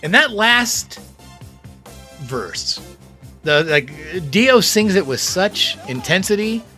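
A man's voice: high voice, very animated, slow, pushed and bright. A man co-hosting a casual podcast chat about music, enthusiastic and rambling, with lots of fillers and restarts and some swearing. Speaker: podcast co-host.

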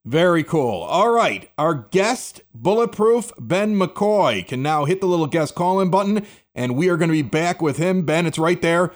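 A man's voice: a little high, animated, normal speed. A man co-hosting a wrestling podcast. He introduces the guest and teases his co-host in a hyped-up, chatty way. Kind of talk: podcast talk with live ad read.

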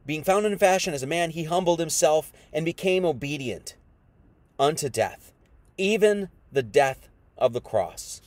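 Male preacher with a higher voice and a dry sound. Moves between quiet scripture reading and loud, emphatic, slangy preaching. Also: animated, a little slow, no echo. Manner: reads scripture aloud, then explains it in casual slang. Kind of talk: sermon.

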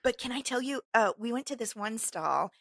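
A woman from Missouri, co-hosting a podcast and telling animated stories in casual chat. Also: on the high side, moderate pace, creaky, dry recording. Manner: animated storyteller who acts out quotes. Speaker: podcast co-host.

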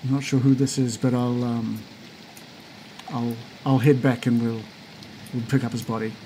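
A man's voice: medium pitch, level tone, normal speed, mellow, a little hiss or hum, lightly acted, low-quality recording. A man playing a stiffly polite grieving stranger. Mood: composed, polite. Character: grieving young man of the woods, formal and polite.

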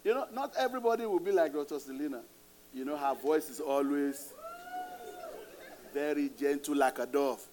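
Nigerian pastor guy, middle-aged, high voice, loud and emphatic, laughs a lot between points. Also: normal speed, pauses often, a little hiss or hum. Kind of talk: sermon.

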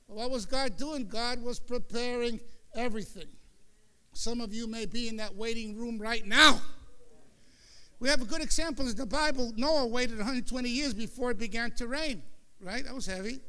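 A male pastor preaching a sermon in an emphatic style, sometimes rising into shouts. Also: very high voice, moderate pace, smooth.

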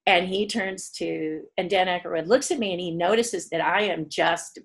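A husky, fairly low-voiced middle-aged woman tells stories in an interview. She is animated and expressive, jumping high in pitch whenever she acts out what someone said. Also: moderate pace. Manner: lively storyteller who jumps high to act out quoted people. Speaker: guest, puppeteer.

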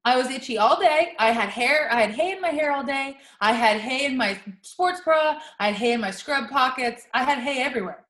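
Podcast co-host: young woman, a bit high, animated storyteller, echoey room. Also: brisk, hardly any pauses. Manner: animated storyteller, laughs often. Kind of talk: casual storytelling chat.

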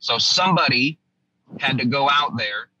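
A man from the United States tells a war story as a guest in a casual interview, pushing his husky voice out with a hard, forceful edge. He circles back and restarts his sentences as he relives the moment, and the podcast audio sounds dull and lo-fi. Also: mid-range voice, animated, moderate pace. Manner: vivid first-person war retelling with restarts. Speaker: podcast guest, former army sergeant.

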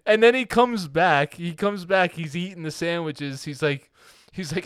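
A man's voice: a little high, unhurried, hardly any pauses, smooth, dry recording, clean studio sound. A man co-hosting a casual movie podcast, animatedly retelling and acting out scenes. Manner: animated, acts out quoted lines. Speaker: podcast co-host.

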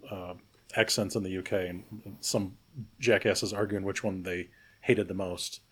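A man's voice: low-pitched, level tone, unhurried, a bit bright, slightly rough. A man co-hosting a casual podcast, hesitant with lots of fillers. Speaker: podcast co-host. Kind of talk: casual chat.

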